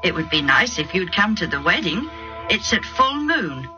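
A woman's voice: lowish voice, big pitch swings, normal speed, lo-fi sound, over music. A woman voicing an impulsive young man who defends his plans to his parents in a raised, pleading tone. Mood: confiding.

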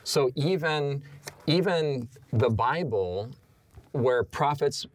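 A man's voice: mid-range voice, lively intonation, takes it slowly. A man on a faith discussion panel who shares stories and scripture in an earnest way.

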